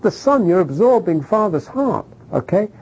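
A middle-aged man preaching a sermon, animated, throwing rhetorical questions at the congregation and checking in with "okay?". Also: sits high, moderate pace, husky, low-quality recording.

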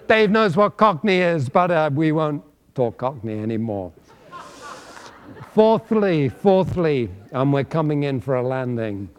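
A man from England delivers a sermon in a high-pitched voice. He shifts from loud, emphatic preaching to hushed, conversational storytelling. His delivery is earnest and expressive. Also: a little slow. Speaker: pastor.

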